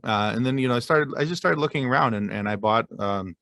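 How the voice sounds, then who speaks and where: A man guest on a podcast, telling stories in a halting, self-deprecating way with many restarts. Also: medium pitch, a bit bright, no room sound, studio quality. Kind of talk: casual podcast chat.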